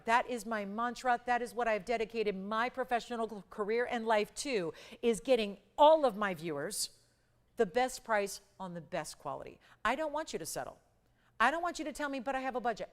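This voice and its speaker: A middle-aged woman with a slightly high voice hosts a live TV shopping show. She pushes deals with quick price countdowns and loose, chatty asides to viewers. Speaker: shopping channel host. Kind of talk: live TV sales pitch.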